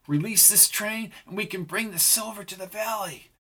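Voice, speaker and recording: A man voicing Pam, a hardened, sharp-tongued outlaw woman in an audiobook western, with a raised, defiant voice. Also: high voice, moderate pace, breathy edge, pitched above the performer's own voice, heavily acted. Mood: urgent.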